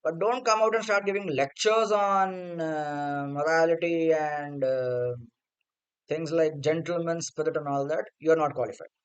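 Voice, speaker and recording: Man, cricket vlogger, blunt and sarcastic rant, high-pitched and smooth. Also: fairly even intonation, a little slow, lo-fi sound. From India. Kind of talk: opinion rant to camera.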